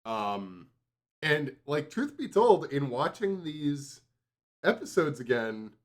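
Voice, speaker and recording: A man's voice: on the high side, very animated, takes it slowly. A man chatting casually on a podcast, rambling, laughing and swearing freely.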